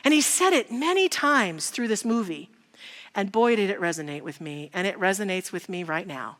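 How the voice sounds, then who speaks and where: A woman's voice: medium pitch, expressive, normal speed, a bit bright. A woman giving a sermon in an earnest, reflective storytelling manner. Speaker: speaker. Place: church sanctuary. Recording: long reverb of a hall.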